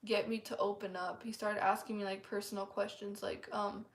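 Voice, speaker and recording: A woman's voice: medium pitch, level tone, a little fast. Earnest woman, echoey room. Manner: earnest, rambling, lots of "like" fillers. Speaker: vlogger sharing a testimony. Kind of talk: casual spoken testimony.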